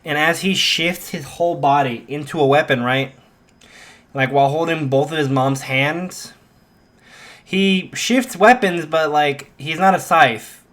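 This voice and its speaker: A man's voice: fairly high pitch, measured pace, fairly bright tone. A man casually telling a fan story, rambling with many "like" fillers.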